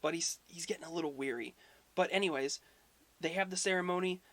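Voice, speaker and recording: A man's voice: on the high side, fairly quick, fairly bright tone, dry recording. A man hosting a history video, retelling myths casually with irreverent, profane asides.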